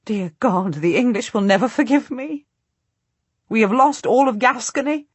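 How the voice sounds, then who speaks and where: A woman's voice: on the high side, moderate pace, husky, no echo, pitched above the performer's own voice. A woman narrator voicing a distraught young queen in an audiobook, with urgent, pleading outbursts. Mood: desperate.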